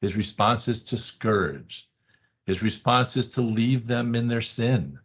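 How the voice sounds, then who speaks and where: Slow and expressive, with a breathy edge to his mid-range voice, a man runs a Bible study class. He talks conversationally and emphatically, repeating short phrases and checking in with a frequent "right?", all captured in dull, lo-fi classroom audio.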